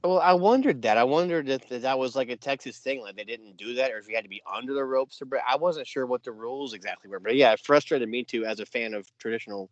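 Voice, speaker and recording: A man's voice: medium pitch, quick pace, few pauses, dry recording, highs cut off. A man co-hosting a casual podcast, eagerly recounting a wrestling match blow by blow, with plenty of "you know" and "yeah.". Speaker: podcast co-host.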